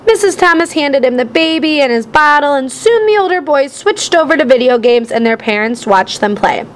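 A woman's voice: sits high, animated, moderate pace. A woman narrating a children's storybook in the first person, reading expressively. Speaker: audiobook narrator.

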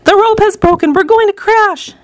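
A woman reading a storybook aloud and voicing a panicky, dramatic mother in a shrill, high voice. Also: animated, slow, pushed and bright, clear, resonant tone, dry recording.

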